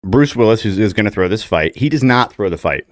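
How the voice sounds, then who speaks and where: A man's voice: on the low side, animated, brisk, dry recording, clean studio sound. A young adult man co-hosting a casual film chat, animatedly retelling scenes and laughing as he goes. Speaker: podcast co-host.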